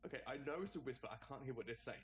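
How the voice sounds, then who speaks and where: A man's voice: medium pitch, expressive, very fast, crowd noise, low-quality recording. A man playing at a tabletop game table in casual chat, jittery and joking nervously. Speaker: player.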